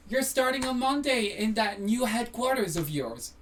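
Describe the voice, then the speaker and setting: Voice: medium pitch, expressive, normal speed, a bit bright, distant mic, a little hiss or hum. A video host giving a blunt, sassy motivational monologue to camera, firing rhetorical questions and dropping casual swears. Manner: swears casually, apologizes jokingly.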